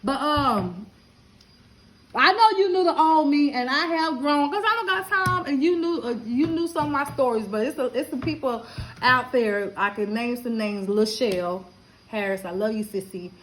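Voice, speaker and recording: A woman's voice: high-pitched, normal speed, slight background noise, rough recording. A middle-aged woman from Lubbock, Texas, chatting and laughing with her viewers in a casual live stream. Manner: chatty, animated, laughing, talks straight to viewers.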